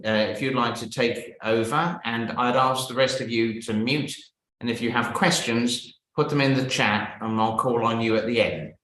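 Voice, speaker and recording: A man's voice: medium pitch, fairly bright tone, roomy sound, poor audio. A man introducing a guest speaker at an online seminar over a video call, formal with small restarts. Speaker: seminar host.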